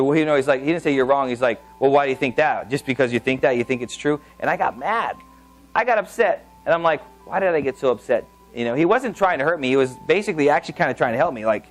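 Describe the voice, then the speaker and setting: A man giving a sermon in a casual, candid storytelling way, with frequent restarts and asides. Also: medium pitch. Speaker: preacher. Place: church hall.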